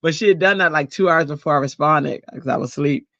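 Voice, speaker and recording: A man's voice: fairly high pitch, fast, pushed and bright, no echo, highs cut off. A man, chatting casually and rambling with lots of fillers while he makes cards on a livestream at home. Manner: chatty, rambling, greets viewers, many fillers. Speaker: card-making livestream host.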